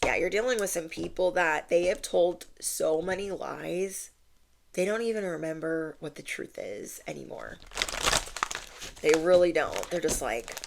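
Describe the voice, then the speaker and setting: A woman's voice: fairly low pitch, lively intonation, unhurried, gravelly, background noise. Chatty woman giving a tarot reading. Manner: chatty and emphatic, addresses viewers directly. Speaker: tarot reader. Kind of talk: casual spiritual tarot reading.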